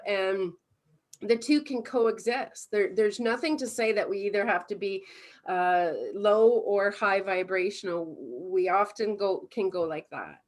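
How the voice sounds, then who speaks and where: A woman's voice: medium pitch, measured pace. A woman from Canada, a mindfulness coach, chatting casually as an interview guest, laughing often and acting out everyday scenes. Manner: animated storytelling, acts out little scenes.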